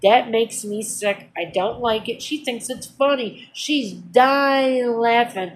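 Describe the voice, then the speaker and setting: A woman's voice: on the high side, slow pace, slight background noise, low-quality recording. A woman telling a personal story in a casual vlog, venting in a heated, aggrieved and blunt way with repeated phrases and swearing. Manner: blunt, profane everyday speech. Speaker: vlogger.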